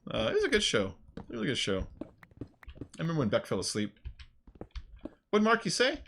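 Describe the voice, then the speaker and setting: A man streaming a game, chatting casually in a rambling, animated way with lots of fillers and laughs. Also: fairly high pitch, brisk, creaky, a little hiss or hum. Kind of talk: casual chat while playing a game.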